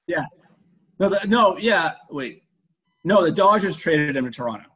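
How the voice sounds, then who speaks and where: A man's voice: high-pitched, expressive, moderate pace, fairly bright tone, husky. A man co-hosting a casual podcast, with a faint Boston accent, talking in a hesitant, laid-back way. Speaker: podcast co-host. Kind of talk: casual chat.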